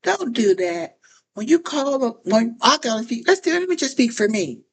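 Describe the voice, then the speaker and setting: A woman's voice: fairly high pitch, sing-song, moderate pace, slightly rough, poor audio. A woman giving casual talk-to-camera advice as a phone chat operator, often repeating phrases and restarting sentences.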